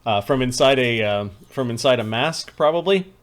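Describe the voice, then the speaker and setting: A man's voice: medium pitch, lively intonation, moderate pace. A man narrating a tabletop game as game master, casual and loose, often laughing.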